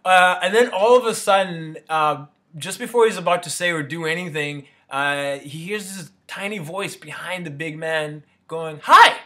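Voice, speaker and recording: A man's voice: a little high, moderate pace, hardly any pauses, fairly bright tone. A man giving a casual motivational talk, rambling and peppering his sentences with "you know" and "right?". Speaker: motivational speaker.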